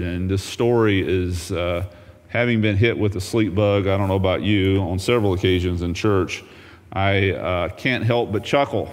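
A man's voice: deep voice, measured pace, long reverb tail. A man teaching a Bible lesson as a pastor, folksy and humorous, reading scripture aloud.

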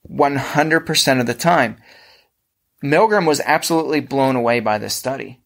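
A man's voice: mid-range voice, expressive, normal speed, vocal fry, fairly bright tone. A man with a Pennsylvania accent hosting a casual podcast discussion, explaining at length with frequent restarts. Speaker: podcast host.

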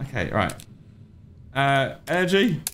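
A man's voice: a little high, huge pitch swings, slow, background noise. A man in his thirties giving let's-play commentary, jumpy and swearing, talking to himself and the game. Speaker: gaming YouTuber.

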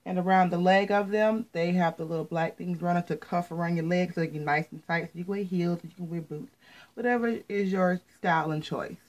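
A woman's voice: lowish voice, steady tone, a little fast, rough recording. An American woman chatting casually to viewers as she shows off her latest clothing haul, repeating words and often saying "you guys.". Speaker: fashion vlogger.

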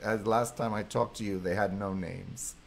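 A man's voice: on the low side, fairly even intonation, moderate pace, gravelly, slight background noise. A middle-aged man, a psychologist hosting a live stream, effusively thanking viewers and reading their comments aloud.

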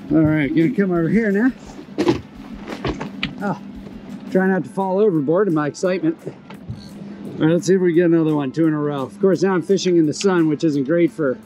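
A man's voice: high-pitched, mellow, poor audio. A man hosting a fishing video from a boat on open water, exclaiming with enthusiasm and explaining how to approach and catch fish. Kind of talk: excited on-the-water fishing commentary.

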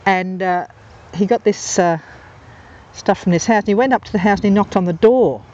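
A woman's voice: mid-range voice, normal speed, darkish tone. A woman from England narrates off the cuff as she films wild birds on a golf course, wandering from one story to the next with lots of ums and uhs. The sound is a little muffled and dull, caught on a handheld camera mic outdoors. Birds squawk in the background. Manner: rambling, anecdotal, many ums and uhs. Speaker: amateur nature videographer. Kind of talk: casual off-the-cuff narration while filming.

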